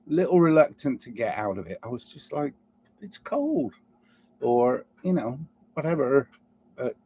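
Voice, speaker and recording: Warm-toned and medium in pitch, recorded dry, this vlogger reflects aloud by himself in a wandering way. His accented, non-standard English carries a steady stream of questions he poses to himself.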